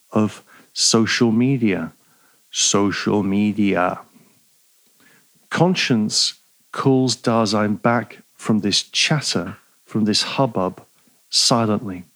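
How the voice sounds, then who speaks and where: Male lecturer, middle-aged, deliberate pace, repeats key lines, lowish pitch. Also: fairly bright tone. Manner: measured, repeats key phrases for emphasis. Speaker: philosophy lecturer. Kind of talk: scripted lecture.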